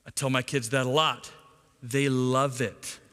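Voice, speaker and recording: Bright-voiced middle-aged male pastor preaching. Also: medium pitch, level tone, a little slow, clean tone. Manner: conversational preaching with rhetorical questions. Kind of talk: sermon. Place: church sanctuary. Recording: long church reverb.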